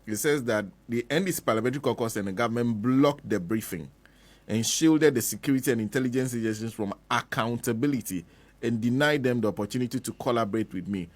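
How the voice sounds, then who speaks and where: A man asking interview questions in a measured way. His voice is mid-pitched and ordinary. The sound is dry and close. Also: no echo.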